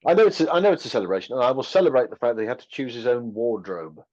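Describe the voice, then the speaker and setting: A man's voice: mid-range voice, very animated, racing, a little mellow. Dry, skeptical man on a dull line. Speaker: podcast panelist. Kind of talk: casual film discussion.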